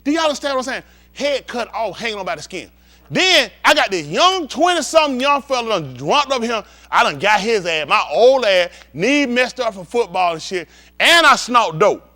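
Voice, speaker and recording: Very animated yet moderately paced, this pastor acts out a story before his congregation in a comedic rant, his high voice jumping wildly. The delivery is bright and edgy, theatrical and profane, and he keeps checking if the listeners are following.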